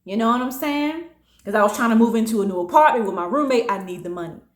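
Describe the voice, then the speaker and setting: A woman in her late twenties, casually telling a personal story, animated and acting out what others said. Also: fast talker. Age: late 20s. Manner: animated, acting out quotes with big pitch jumps. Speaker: storytime vlogger. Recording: echoey room.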